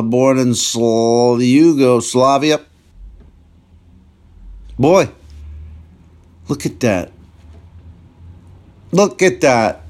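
Wry man rambling from his car. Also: mid-range voice. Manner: wry, joking, thinking aloud. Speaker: show host. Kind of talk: casual rambling monologue.

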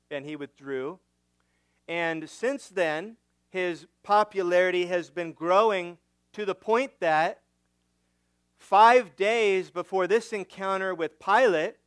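A male pastor preaching a sermon, teaching through a passage with rhetorical questions, swinging from emphatic to hushed. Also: sits high, smooth, no echo.

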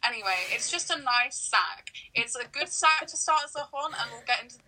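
Young woman, playful podcast co-host, bright and slightly high voice. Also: fairly quick, poor audio. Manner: playful, jokey, rambling. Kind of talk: casual chat.

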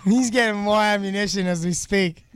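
A man's voice: high-pitched, moderate pace, a bit bright, smooth, no echo. A man co-hosting a radio talk show, in loose, teasing banter with friends and laughing often. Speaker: podcast co-host. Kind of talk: casual chat.

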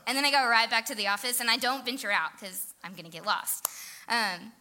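Lady preaching casual, lots of "like", kinda high and bright. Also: fairly quick, slight background noise. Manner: chatty, self-deprecating, says "like" often. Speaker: teacher and speaker. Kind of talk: casual sermon storytelling.

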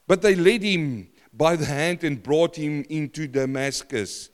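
High-voiced preacher in a reverberant hall. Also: male voice, unhurried. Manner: animated, repeats phrases for emphasis. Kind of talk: sermon.

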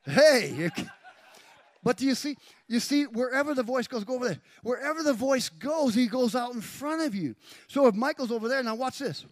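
A man's voice: very high-pitched, a little fast, no room sound, clean studio sound. A man preaching a sermon as pastor, calling out to members of his congregation by name. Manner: preaching with call-outs to congregation. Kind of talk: sermon with live demonstration.

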